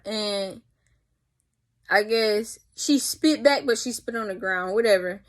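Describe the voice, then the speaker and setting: A young woman telling a story in a casual vlog, animated and profane, with spoken sound effects. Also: medium pitch, slow pace. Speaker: vlogger.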